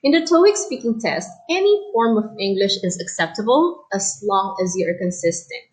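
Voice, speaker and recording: A woman's voice: mid-range voice, sing-song, normal speed, a little mellow, low-quality recording. Woman teaching English pronunciation. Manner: clear, explanatory teacher's delivery. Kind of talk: recorded online lesson.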